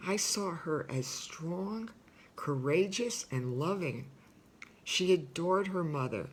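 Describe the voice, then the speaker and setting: A man reading a memoir aloud in a heartfelt, pausing way, stopping now and then to talk to his listeners. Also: fairly high pitch. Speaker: reader. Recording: noisy background ambience.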